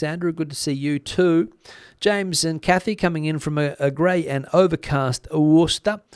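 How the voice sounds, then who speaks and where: A man's voice: medium pitch, a little mellow, clean tone, no echo, studio quality. A man hosting a live stream, chatting casually with viewers, with frequent fillers and a slightly worn voice. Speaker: YouTube news channel host.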